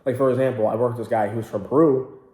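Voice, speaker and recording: Mellow-voiced man rambling casually. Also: mid-range voice, steady tone, quick pace. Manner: chatty, full of fillers and restarts. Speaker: language-learning vlogger. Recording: roomy echo.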